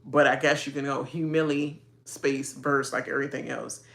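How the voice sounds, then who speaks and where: A woman giving a casual reaction rant about a reality show, sassy and animated, often laughing at her own jokes. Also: very deep voice, moderate pace.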